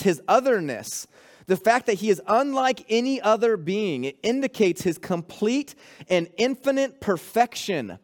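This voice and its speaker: A man preaching a sermon to his congregation as pastor, calling out to the church. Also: sits high. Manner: preaching with rising intensity, calls to the congregation.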